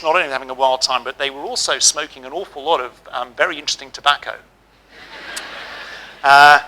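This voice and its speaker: Bright-voiced man giving a speech. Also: medium pitch, poor audio. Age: middle-aged. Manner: storytelling, humorous, direct advice. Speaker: ceremony speaker. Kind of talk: ceremony address with anecdotes. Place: lecture hall.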